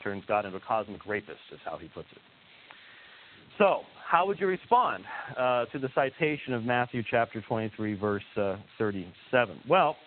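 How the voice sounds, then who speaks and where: A man giving a teaching lecture, emphatic and hesitant in turns, with frequent "uh" fillers and points repeated for weight. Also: mid-range voice. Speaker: theology lecturer. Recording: tinny lo-fi recording with faint hiss.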